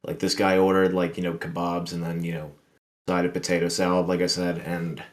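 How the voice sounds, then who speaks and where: Man, podcast host, very low voice, rambling casual storytelling, lots of fillers, swearing. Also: flat delivery, brisk. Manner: rambling, filler-heavy, profane.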